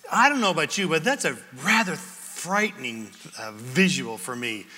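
Bright, high-voiced pastor preaching in a reverberant hall. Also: male voice, expressive, moderate pace. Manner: conversational preaching with wry humor. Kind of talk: sermon.

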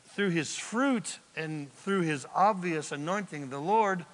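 A male pastor preaching a sermon, telling the story with animated, joking asides. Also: fairly high pitch, unhurried. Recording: long hall reverb.

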